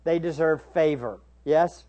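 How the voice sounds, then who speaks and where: A man preaching a sermon as pastor, shifting between hushed asides and raised, emphatic questions to the congregation. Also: on the high side, unhurried, muffled recording. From United States. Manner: rhetorical tag questions to the congregation.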